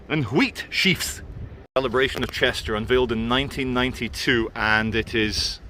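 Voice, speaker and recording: With a handheld camera in hand, a middle-aged man walks city streets and offers wry, sarcastic remarks as he goes. He has a mid-range, fairly bright voice, and there's slight background noise.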